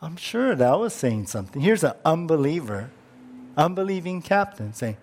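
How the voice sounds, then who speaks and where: A man's voice: fairly high pitch, sing-song, moderate pace, darkish tone, husky. A male pastor preaching a conversational sermon and often posing rhetorical questions to the congregation.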